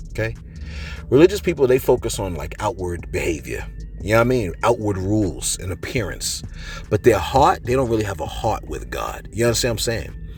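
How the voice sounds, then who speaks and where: Male commentary host: low voice, lively pitch, slangy, chatty, faint music under him. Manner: animated, repeats "man" and "you know what I'm saying"; slangy, playful asides. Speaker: channel host reading viewer comments. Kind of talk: casual commentary.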